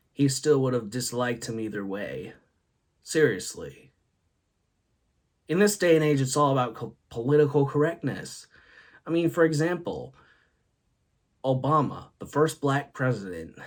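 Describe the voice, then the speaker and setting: A man hosting a comedy show, telling stories about his grandfather and laughing at his own jokes. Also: medium pitch. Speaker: host. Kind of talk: comedic storytelling monologue.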